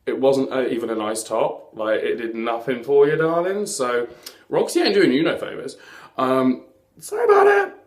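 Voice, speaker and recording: A man's voice: mid-range voice, normal speed, darkish tone. A man hosting a casual TV recap chat, camp and chatty, full of sassy asides. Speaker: host of a TV recap show. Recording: echoey room.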